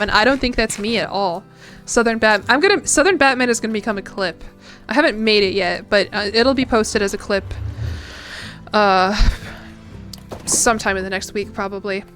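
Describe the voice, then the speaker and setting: A young American woman with a slightly high voice chats loosely with her viewers while she plays a game. She giggles a lot and wanders through her thoughts with plenty of fillers. Soft music plays quietly underneath. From United States. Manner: giggly and chatty, laughs often; rambling with frequent "like" fillers. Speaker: streamer. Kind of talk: casual chat while gaming.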